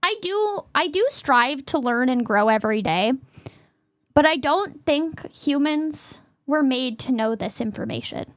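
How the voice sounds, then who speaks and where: Young woman streamer with a high voice, goofy rambling chat w her viewers. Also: animated. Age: young adult. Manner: playful, rambling, quick jokey asides. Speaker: VTuber streamer. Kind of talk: casual chat with live stream chat.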